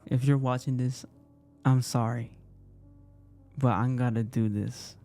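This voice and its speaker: A young man tells a personal story, rambling and emotional, full of "I was like." His voice is gravelly and mellow, dropping soft at times. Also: mid-range voice. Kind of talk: casual confessional storytelling.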